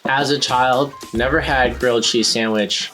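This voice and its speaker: A woman's voice: extremely low pitch, steady tone, measured pace, a bit bright, soft background music. A young woman from Southern California chatting casually in a home kitchen while cooking, laid-back and jokey with lots of fillers. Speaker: co-host.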